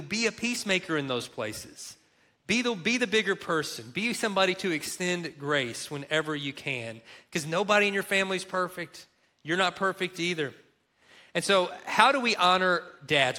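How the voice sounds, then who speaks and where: A middle-aged male pastor delivers a sermon in a bright, forward voice that sits slightly high for a man. He speaks earnestly and leans on repeated phrases for emphasis. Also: animated, normal speed.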